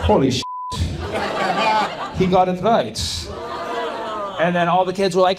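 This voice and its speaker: Talking fast but with long pauses, a young man with a high voice and lively intonation does stand-up at a comedy club. His crowd-work patter is loose and rambling, full of "like" and "you know," and the live recording carries crowd noise.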